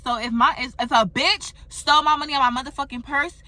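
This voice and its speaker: A young woman telling a storytime vlog, animated and profane, talking straight to her viewers. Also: high-pitched, fast, dry recording. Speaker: vlogger. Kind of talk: storytime monologue.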